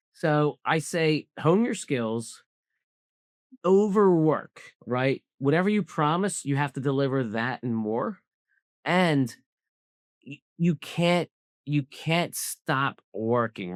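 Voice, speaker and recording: Recorded dry and in studio quality, this man has a mid-range voice. He's a guest and cybersecurity business founder from Southwest Philadelphia, talking casually in an interview, blunt and emphatic, and repeating points to drive them home.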